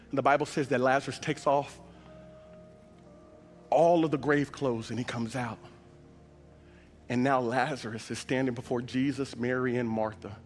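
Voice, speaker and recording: A male pastor telling a Bible story in a sermon with dramatic storytelling, speaking in a large church auditorium. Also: mid-range voice. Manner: dramatic storytelling, acts out voices. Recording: long reverb of a large hall with soft music.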